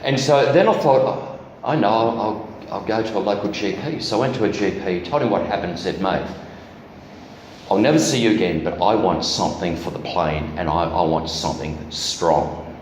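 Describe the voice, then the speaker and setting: A man's voice: low-pitched, normal speed, a little hiss or hum. A man giving a candid testimony as guest preacher at a church, telling a personal story with self-deprecating humor. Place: church hall. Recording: echoey church hall.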